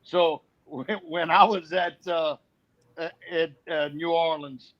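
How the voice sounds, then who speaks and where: Podcast guest, high voice, easygoing chuckler, slightly muffled recording. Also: male voice, steady tone, slow pace. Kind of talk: casual chat. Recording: slightly dull sound.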